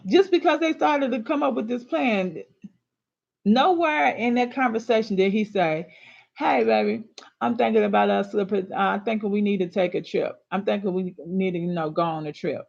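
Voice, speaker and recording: This host of a relationship and astrology advice show scolds women listeners in a sassy, emphatic, colloquial manner while giving casual advice. She has a gravelly, slightly mellow mid-range voice and a moderate pace, heard through a dull lo-fi recording.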